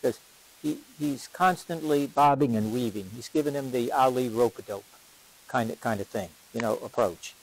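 As teacher of a parish Bible study, a man gives a lively, unhurried classroom lecture on scripture, questioning his class and repeating key lines for emphasis. His voice is mid-range and husky, and the recording is rough.

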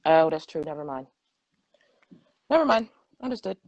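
A woman's voice: deep voice, big pitch swings, moderate pace, darkish tone, dry recording, muffled recording. A young woman hosting a livestream podcast, teasing and blunt in casual chat. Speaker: podcast host.

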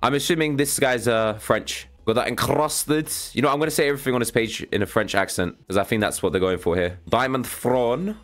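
A young man giving casual, excitable commentary as he reacts to a video game, with a slangy, chatty way of talking. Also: medium pitch, quick pace, hardly any pauses. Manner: casual, excitable, slangy, says "bro" a lot. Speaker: gaming channel host.

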